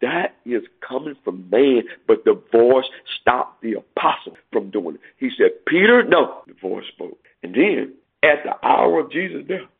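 A man's voice: mid-range voice, animated, measured pace, creaky, hardly any pauses, breathy edge. A man preaching a sermon, quoting scripture and climbing in emphatic bursts. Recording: tinny phone-like sound.

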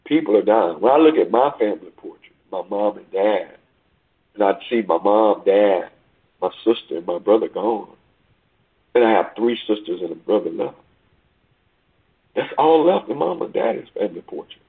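Husky-voiced guy preaching a sermon, rhythmic, asks the congregation questions, comes through a tinny phone line. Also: lowish voice, expressive, moderate pace. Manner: reads scripture aloud in old-fashioned wording. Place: church service heard over a call.

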